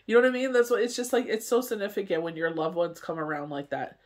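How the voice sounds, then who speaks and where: Canadian male medium, rambling casual talker, slightly high pitch. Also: level tone, quick pace. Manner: rambling, full of "you know what I mean". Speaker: tarot reader and medium. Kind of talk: casual chat to camera.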